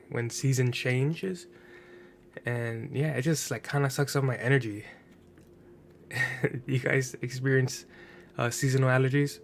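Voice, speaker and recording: A man's voice: mid-range voice, creaky, fairly bright tone, slight background noise. A man casually thinking aloud as he builds a card game deck, sounding a little nasal from allergies and often checking in with "right?". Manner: chatty, thinking aloud, frequent fillers and rhetorical "right?". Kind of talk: casual gameplay commentary.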